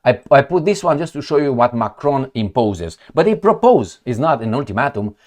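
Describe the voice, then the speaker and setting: Sarcastic, animated male commentator. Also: mid-range voice, normal speed. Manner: sarcastic, animated, swears, talks to viewers as friends. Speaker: political commentator. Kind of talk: casual commentary reading articles on screen.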